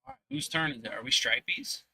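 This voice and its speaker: A man doing live commentary on a pool match from a booth in a sports bar, talking in an animated, rambling way that slips into motivational rants. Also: medium pitch, fast, creaky, no echo. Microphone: booth microphone.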